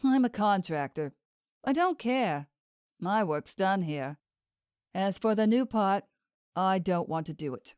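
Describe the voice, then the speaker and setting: A woman's voice: medium pitch, animated, slow pace, pauses often, darkish tone, smooth, no echo, clean studio sound. A woman reading the part of a blunt, mercenary male hired thug in an audiobook, speaking curtly and threateningly. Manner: curt, threatening.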